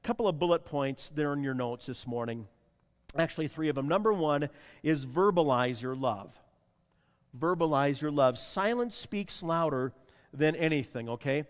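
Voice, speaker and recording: High-voiced pastor preaching in a hall. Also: male voice, expressive, normal speed. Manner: repeats key lines, asks the congregation to respond. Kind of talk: sermon. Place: church sanctuary.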